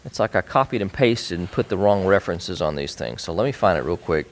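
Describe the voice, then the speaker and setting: A man leads a casual bible study, talking things through conversationally with many fillers and restarts. His voice sits on the low side. He speaks as a regular teacher to his group. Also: expressive, fairly quick.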